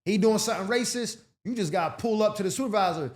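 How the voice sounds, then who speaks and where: Man, advice show host, high-pitched, slangy, blunt, casual commentary. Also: fast. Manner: slangy, blunt, streetwise banter; reads out viewer letters.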